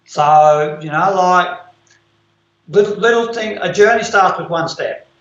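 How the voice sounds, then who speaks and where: Man, high voice, casual coaching chat, joke-telling, echoey room, muffled lo-fi sound. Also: measured pace. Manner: tells jokes and anecdotes, encouraging. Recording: roomy, dull lo-fi call audio.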